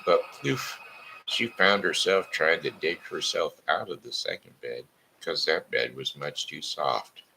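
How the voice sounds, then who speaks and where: A man hosting a live show, stuffy from sinus trouble, reading a story and scripture aloud in a slow, halting way. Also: very deep voice, gravelly, bright, forceful tone, slight background noise, low-quality recording. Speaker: host of a live blog show.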